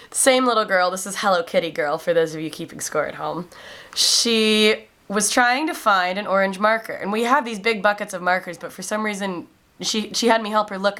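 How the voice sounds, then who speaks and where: A woman's voice: mid-range voice, normal speed, a bit bright. A young woman in her twenties, a classroom aide, casually telling funny stories in a vlog with frequent ums and a lift in her voice when quoting kids.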